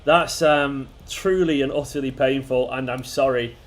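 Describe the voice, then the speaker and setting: A man's voice: mid-range voice, fairly even intonation, measured pace. A man hosting a football fan channel, reacting live to a match in an exasperated, swearing rant that keeps repeating itself.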